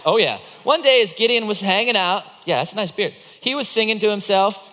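A man's voice: sits high, lively intonation, a little fast, sharp tone. A man teaching a children's group, acting out a Bible story with volunteers in a playful, coaching way. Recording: echoey hall.

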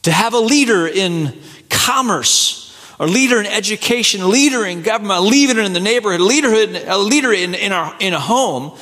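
A man preaching a sermon, rising to excited peaks and then falling soft and low. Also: a little fast. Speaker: pastor. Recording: echoey hall with long reverb.

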